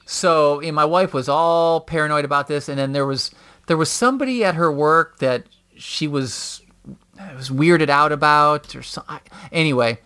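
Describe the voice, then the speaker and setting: A man telling stories in a casual podcast chat, rambling with many fillers and acting out quotes loudly. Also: fairly high pitch, moderate pace, clear, resonant tone. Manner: rambling storyteller, profane, acts out quotes loudly. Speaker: podcast guest. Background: dogs nearby.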